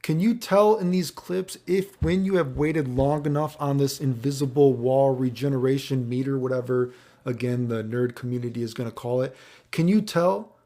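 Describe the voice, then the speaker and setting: Gravelly, dark-voiced man ranting about a game. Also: mid-range voice, normal speed. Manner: rambling, profane, keeps checking in with "right?". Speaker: fighting game commentator. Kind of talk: casual commentary over gameplay footage.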